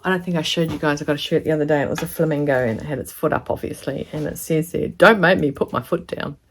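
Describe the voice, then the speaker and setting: Gushing woman vlogger with a low voice. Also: quick pace, husky. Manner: gushing, chatty, drops into soft whispers. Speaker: sewing vlogger. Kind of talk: casual unboxing chat to camera.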